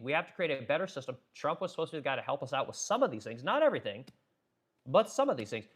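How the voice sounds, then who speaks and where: A man's voice: fairly high pitch, fairly bright tone. A middle-aged man hosts a livestream and rants with heat, swearing freely. He circles back to the same points and trips over his own words as he works himself up. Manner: fired-up, swearing, repeats himself, frequent stumbles. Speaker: business owner and livestream host. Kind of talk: heated political rant on a livestream.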